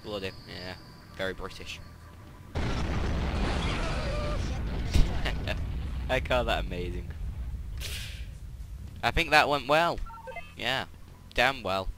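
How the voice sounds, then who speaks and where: A man's voice: fairly low pitch, measured pace, long pauses, very noisy. A man doing casual, joking gameplay commentary, rambling and mocking himself as he plays. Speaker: let's play gamer.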